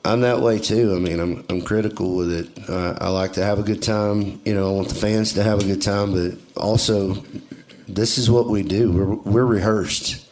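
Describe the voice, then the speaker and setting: A man from Texas, a country singer, talking as a guest in a casual chat. He speaks in a relaxed, measured and candid way. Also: on the low side.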